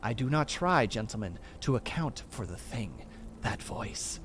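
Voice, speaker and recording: A man reads a horror story aloud with a lively, swinging delivery, rising and dropping in pitch for drama. He trips over words and corrects himself as he goes, at a middling pitch, with a faint hum of background noise. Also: unhurried. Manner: stumbles over words and restarts them. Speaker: streamer reading aloud.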